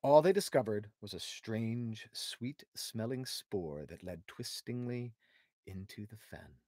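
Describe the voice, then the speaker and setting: A man reading a storybook aloud for young students in an expressive, deliberate way. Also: lowish voice, no room sound. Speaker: narrator.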